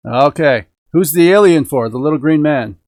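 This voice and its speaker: A man's voice: on the high side, moderate pace, a little mellow, dry recording. A middle-aged man hosting a hobby live stream from home, chatting casually and upbeat with viewers and the chat. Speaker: host of a radio-control hobby live stream. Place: home indoors.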